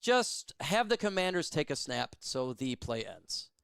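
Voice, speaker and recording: Excitable male fan calling a game. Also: fairly high pitch, a little slow, vocal fry, clear, resonant tone, no echo, studio quality. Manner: emotional, excitable, shouts on big plays. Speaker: fan play-by-play streamer. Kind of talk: live fan play-by-play and chat.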